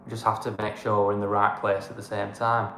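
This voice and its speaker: A man's voice: fairly low pitch, completely flat delivery, a little fast, pushed and bright, roomy sound, slight background noise. A man with a northern English accent co-hosting a casual livestream chat, blunt and fond of a good moan. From northern England. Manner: blunt, ranting, fond of moaning. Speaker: co-host of a travel channel.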